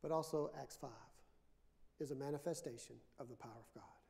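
A male pastor preaching a sermon, emphatic and building to drawn-out declarations. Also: mid-range voice, creaky, a little mellow. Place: church sanctuary. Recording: reverberant church hall.

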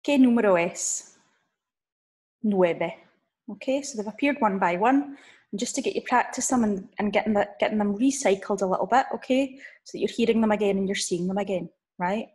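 A woman teacher giving a recorded online lesson, drilling numbers slowly and checking in with "okay?" as she explains. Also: mid-range voice, a little mellow. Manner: slow, drawn-out drill of numbers with frequent "okay?" check-ins. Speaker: language teacher.

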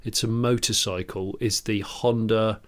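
Enthusiastic man, lowish voice. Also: fairly even intonation, a little slow. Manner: enthusiastic, gushing about engines. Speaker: podcast co-host. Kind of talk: casual chat.

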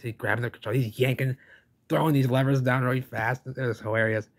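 A man talking through a video in casual reaction commentary, rambling and enthusiastic. His voice sits at an ordinary middle pitch, chatty and loose as he points things out. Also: fairly even intonation, quick pace. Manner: rambling, enthusiastic, says "baby" and "folks".

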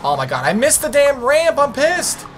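A young man excitedly shouting and joking as he comments on online gameplay with friends. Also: very high-pitched, moderate pace, background noise. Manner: excitable, frequent exclamations and shouts. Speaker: gaming channel host. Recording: music playing underneath.

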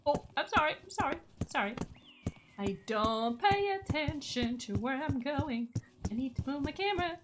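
Gushing woman gamer, lively high voice. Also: normal speed, noisy background. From Norway. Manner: gushing and chatty, talks to her horse. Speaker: gaming channel host. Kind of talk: casual gameplay commentary.

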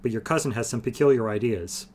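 A man's voice: medium pitch, fast, a little mellow, a little hiss or hum, natural voice. A man voicing a fiery, idealistic young male patriot in a fantasy audiobook reading. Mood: earnest. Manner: intense, hot.

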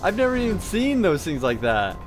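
A man hosting a gaming channel, giving let's-play commentary on a game he is playing. He gets excited easily, yelps, and laughs at what happens on screen. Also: sits high, a little fast, background noise. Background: game music and sounds.

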